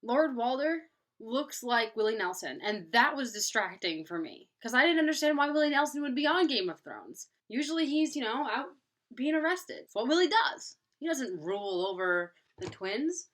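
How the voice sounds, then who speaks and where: Animated, rambling young woman vlogger. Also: a little high, normal speed. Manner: animated, rambling, acts out gasps and quotes. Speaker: book vlogger. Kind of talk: casual vlog monologue.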